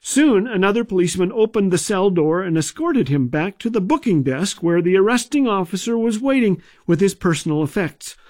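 A man's voice: high voice, animated, brisk, hardly any pauses, darkish tone, no room sound. A man hosting a humor radio program, telling jokes and comic stories in a dry, scripted way. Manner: dry, joke-telling delivery. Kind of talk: scripted comedic storytelling.

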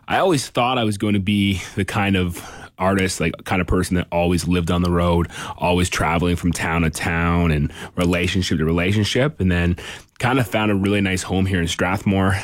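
A man in his thirties, a musician guest, talking in a relaxed casual way with many fillers. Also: low voice, no room sound. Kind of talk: casual interview.

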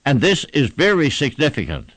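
Man, preacher, sermon, emphatic repetition, animated pitch, dry close sound. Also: normal speed, dry recording. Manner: emphatic, rhythmic repetition, old-fashioned preaching cadence.

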